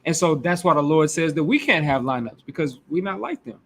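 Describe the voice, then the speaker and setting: A man's voice: fairly high pitch, animated, brisk, a bit bright, a little hiss or hum. A man with a Midwestern American accent preaching a conversational sermon, talking casually with his listeners and often restarting his sentences. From United States. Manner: loose and informal, talks back and forth with the congregation, frequent restarts.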